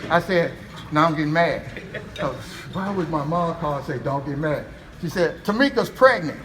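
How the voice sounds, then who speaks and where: A man's voice: on the high side, expressive, moderate pace. An American man giving a humorous speech as a motivational speaker. He tells stories with plenty of jokes and often laughs. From United States. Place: event hall with a live audience. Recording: echoey hall, noisy.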